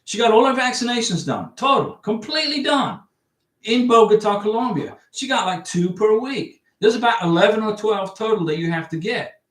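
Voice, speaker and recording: A man's voice: high voice, expressive, moderate pace, a bit bright, recorded from a distance. A man hosting a casual livestream, reading viewer questions aloud and answering bluntly in a chatty way. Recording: echoey room, voice off-mic.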